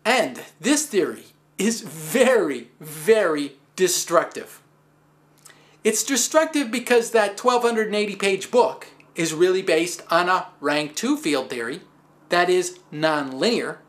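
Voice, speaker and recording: A man hosting a stand-up style physics talk, telling stories with wry, animated asides and self-deprecating humor. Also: high-pitched, slow pace. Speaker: host.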